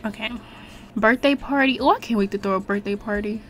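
A young woman chatting casually as she streams a life-sim game, talking to her viewers and the characters with slangy, animated exclamations. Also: medium pitch, brisk, slight background noise. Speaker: gaming streamer. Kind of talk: casual let's-play commentary.

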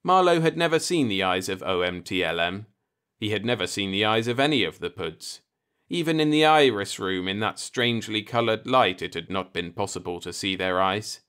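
A man narrating a science fiction short story as an audiobook reader, in an even, unhurried storytelling manner. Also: on the low side, smooth.

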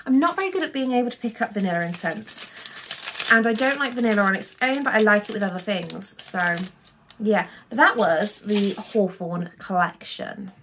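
A woman's voice: mid-range voice, expressive, moderate pace, a bit bright, slight background noise. A young woman in a casual haul vlog, talking in a chatty, rambling way full of fillers. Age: young adult. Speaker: vlogger.

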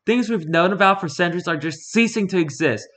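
A man's voice: high-pitched, a little fast, a bit bright, pitched above the performer's own voice. A man voicing a tough female agent who speaks with urgent, pleading insistence. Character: fierce female agent, woman in middle age.

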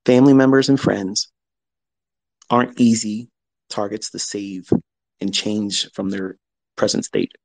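A man's voice: on the low side, measured pace, long pauses, a little mellow, dry recording, low-quality recording. Blunt, profane man telling a story. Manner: blunt and profane, acts out both sides of remembered arguments. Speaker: host. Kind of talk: casual storytelling on a live audio chat.

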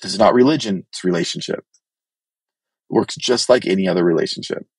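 Guy preaching bluntly, low husky voice, dry close sound. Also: a little fast, dry recording. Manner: blunt, direct and exhorting. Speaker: pastor. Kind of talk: sermon teaching.

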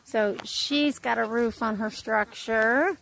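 A woman's voice: a little high, slow, gravelly, a bit bright, slight background noise. A woman giving a casual walk-and-talk tour of her homestead, chatting to her animals. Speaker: homesteading vlogger. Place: outdoors on a homestead with poultry.

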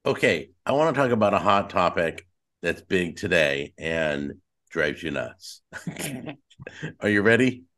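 A man with a somewhat low voice hosts a casual conversation. He jokes around and prods his guest with short questions and quick reactions. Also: expressive, fairly bright tone. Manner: joking, prompting the guest. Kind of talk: casual chat.

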